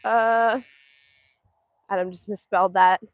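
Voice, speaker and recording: This Northeast Texas woman hosts a relaxed livestream from a cow pen outdoors, replying warmly to comments and baby-talking the animals in a sing-song tone. She speaks slowly at medium pitch with fairly even intonation, and there's no room sound.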